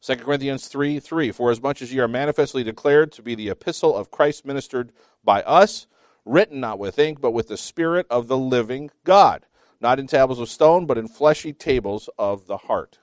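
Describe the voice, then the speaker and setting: A man teaching a Bible class, reading scripture slowly with emphasis between chatty asides and small self-laughs. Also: mid-range voice, lively intonation, no echo, studio quality.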